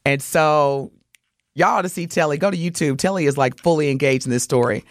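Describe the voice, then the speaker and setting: A woman co-hosting a morning radio show, telling a story in lively chat and acting out the voices of the people in it. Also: sits low, fairly quick, no room sound, clean studio sound. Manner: animated, acts out voices while telling a story. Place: radio studio.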